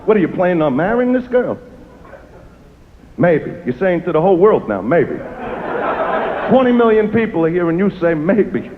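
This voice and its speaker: A brash, swaggering male comedian doing crude crowd work in front of a roaring audience. His voice sits high and leaps around a lot. The recording is dull and lo-fi, with loud crowd noise behind him. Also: very animated, quick pace, hardly any pauses. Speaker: stand-up comedian. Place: large venue before a live audience.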